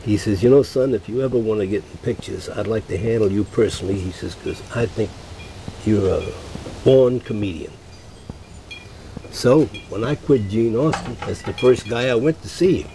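Older man telling lively show-business stories. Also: on the low side, normal speed, a little hiss or hum. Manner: lively anecdotal storyteller, acts out quoted voices. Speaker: guest, veteran voice actor and musician. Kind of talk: radio interview storytelling.

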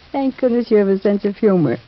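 An actress playing a cheerful, supportive young wife and mother who talks in a gentle, reassuring way, in 1940s radio acting style. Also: medium pitch, expressive, normal speed, a little hiss or hum, natural voice. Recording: dull lo-fi old radio recording.

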